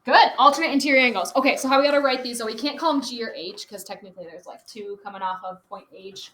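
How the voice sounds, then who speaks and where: A woman teaching a geometry lesson to a class, upbeat and quick to laugh with her students. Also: on the high side, a bit bright. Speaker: math teacher. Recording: echoey classroom, faint noise.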